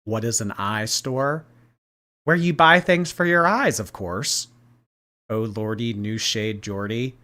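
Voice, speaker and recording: A man's voice: fairly low pitch, slow pace, pushed and bright. A man hosting a casual livestream, reading and answering viewer chat in a gossipy way and laughing often.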